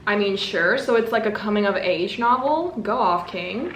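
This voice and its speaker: A woman's voice: medium pitch, animated, normal speed, fairly bright tone, a little hiss or hum. A young woman chatting casually in a book vlog, bubbly and self-mocking with dramatic asides. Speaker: booktuber. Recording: echoey room with faint ambience.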